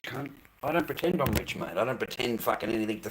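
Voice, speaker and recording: A man's voice: mid-range voice, animated, fast, hardly any pauses, slight background noise, rough recording. An Australian man livestreaming from home, ranting bluntly and profanely at his chat. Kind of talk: casual livestream rant.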